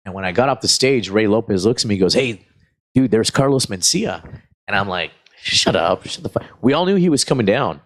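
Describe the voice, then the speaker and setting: A man, a guest comedian telling rambling, profane stories in a casual chat. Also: on the low side. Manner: profane, rambling, animated retelling. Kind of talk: casual storytelling.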